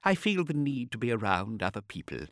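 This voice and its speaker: A man voicing a nervous, courtly old male astropath who speaks slowly and softly in a measured way. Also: medium pitch, sing-song, dry recording, clean studio sound, pitched above the performer's own voice. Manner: slow, soft and measured, courtly.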